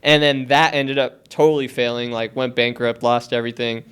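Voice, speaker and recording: A man's voice: medium pitch, steady tone, normal speed, fairly bright tone, clean tone. A man from Hawaii who is a podcast guest, telling stories in a casual, profane way and acting out the voices he quotes. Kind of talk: casual storytelling.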